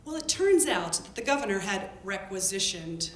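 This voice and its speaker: A woman telling a lively story about her field work to an audience. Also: normal speed. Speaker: public health worker telling a story. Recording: echoey room with faint rumble.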